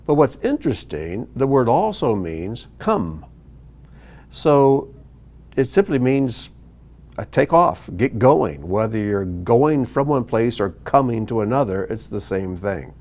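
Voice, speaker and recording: A man teaching a video lesson, explaining slowly and patiently. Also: mid-range voice. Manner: slow, patient explaining with lively ups and downs. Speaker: Hebrew teacher.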